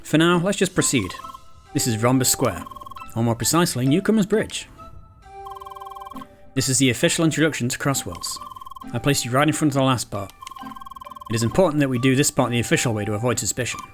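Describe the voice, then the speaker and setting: A man voicing a calm, formal guide character who explains things in measured, proper speech. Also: mid-range voice, natural voice. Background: game music.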